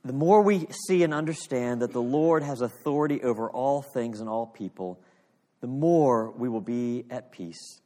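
A male pastor delivering an earnest sermon, reading scripture with dramatic pauses. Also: medium pitch, dark tone, big-room sound.

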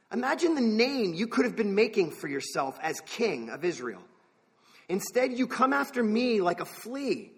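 A man's voice: sits high, a bit bright, slightly rough, pitched above the performer's own voice, exaggerated voice. A man voicing David, a young future king, pleading with urgent questions.

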